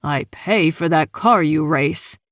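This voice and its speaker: A woman reading the lines of a stern, wealthy father in his fifties, speaking in a measured, authoritative way. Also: low-pitched, no echo, clean studio sound.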